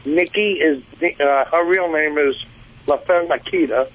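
A man's voice: a little high, unhurried, narrow, tinny audio. A man with a Brooklyn accent calling in to a radio show, a truck driver who talks in a rambling, chatty way. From New Jersey. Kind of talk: phone-in chat.

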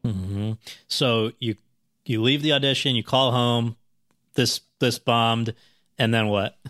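A man's voice: medium pitch, steady tone, takes it slowly, a bit bright, dry recording, studio quality. Man asking winding interview questions. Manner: long, winding questions with restarts. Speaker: interview host.

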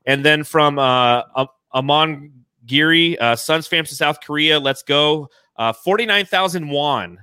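An excited young man hosting a live podcast chat, his voice bright and high for a man. He reads out donations and swears freely. The sound is close and dry. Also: a little slow, clean tone, dry recording. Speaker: podcast host. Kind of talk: casual livestream chat.

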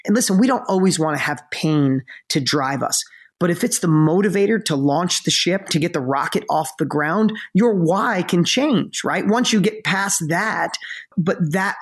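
Energetic man telling emphatic stories. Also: sits high, breathy edge. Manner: energetic, emphatic storyteller who slows down for emotional moments. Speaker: guest speaker on motivation. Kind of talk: storytelling in a conversation.

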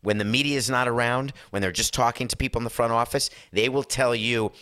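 A middle-aged man with a hoarse voice, ranting emphatically and sarcastically as a sports talk show host. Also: mid-range voice, steady tone, brisk, bright, forceful tone, no echo. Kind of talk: impassioned talk-show rant.

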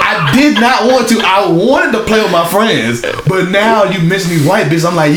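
Lively young man in an echoey room. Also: high-pitched, moderate pace, few pauses. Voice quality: profane, rambling storyteller. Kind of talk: casual podcast chat. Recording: echoey room with faint hiss.

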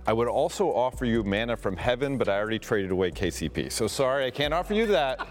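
A man's voice: medium pitch, big pitch swings, fast talker, background noise, close to an everyday voice. A man improvising as a scheming basketball team general manager on a podcast, with wry, laid-back dealmaking banter. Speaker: basketball reporter. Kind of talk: improvised role-play on a podcast.

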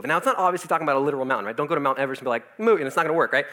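A man's voice: on the high side, rapid-fire, hardly any pauses. A young man working as a youth pastor, telling a personal testimony in his office and acting out the voices of the people in his story. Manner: animated storytelling, acts out quoted voices.

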